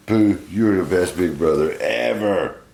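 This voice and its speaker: Host: deep-voiced man, doting and chuckly with his pets, roomy home room. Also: takes it slowly, vocal fry. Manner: doting, chuckling, softens to cooing. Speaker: pet owner and channel host. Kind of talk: casual vlog narration to pets.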